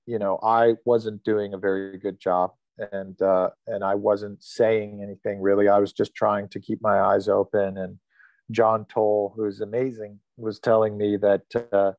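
A man in his thirties with a fairly low voice tells a candid story about his acting work, swearing freely and chuckling along the way. He is heard over a video call. The sound is dry and a little muffled and lo-fi. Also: dry recording. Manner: candid, swears freely, laughs while telling stories. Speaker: actor interviewee. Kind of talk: casual anecdote telling. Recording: dry, slightly muffled lo-fi recording.

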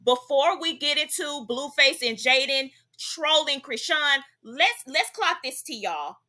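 Host: high, bright-voiced young woman, sassy gossip commentary, punchy "okay?" asides. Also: expressive, measured pace. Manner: sassy, emphatic, constant "okay?" tags. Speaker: celebrity gossip vlogger.

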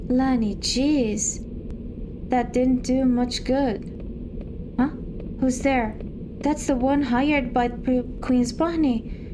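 A woman's voice: sits high, steady tone, extremely slow, pauses often, background noise. A woman giving casual let's-play commentary while she plays a game. She reads the game's dialogue aloud and gasps and squeals when she gets scared. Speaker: gamer. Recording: game music playing behind.

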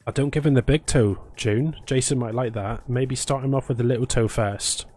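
A man's voice: medium pitch, normal speed, a little mellow, no room sound, faint music behind. A man live-streaming a game, chatting casually and teasing and thanking viewers by name. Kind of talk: casual live-stream chat while gaming.

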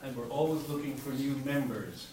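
An Australian man introducing his choir to an audience at a public event, friendly and a little halting as he talks. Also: mid-range voice, background noise. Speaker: choir announcer. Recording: very echoey, distant, loud crowd.

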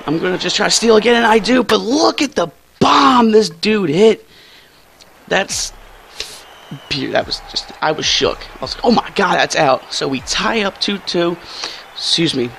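Young male gaming commentator, excitable and slangy, gravelly tone. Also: a little hiss or hum. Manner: excitable, slangy, jumps to high squeals when thrilled. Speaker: gaming YouTuber. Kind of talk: casual gameplay commentary.

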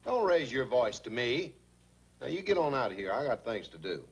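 An actor playing a patient, dry-humored father in a classic sitcom, speaking calmly and firmly to his young son. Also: medium pitch, breathy edge, exaggerated voice. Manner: calm, unhurried, gently firm. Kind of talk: old sitcom acting.

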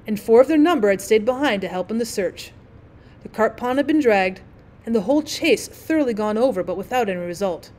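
A woman's voice: a little high, a little mellow. A woman teacher narrating a classic short story as an audiobook, reading steadily and expressively.

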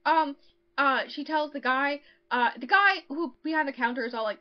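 A woman's voice: high voice, expressive, quick pace, lo-fi sound. A woman co-hosting a podcast, casually recapping a novel's plot with lots of fillers and acted-out lines. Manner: chatty, lots of ums, acts out characters' lines. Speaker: podcast co-host.

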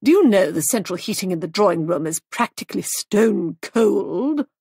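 A woman's voice: mid-range voice, lively intonation, darkish tone, breathy edge, no room sound, clean studio sound. Woman playing an imperious older lady guest. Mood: haughty. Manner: haughty, cutting, slow and clipped.

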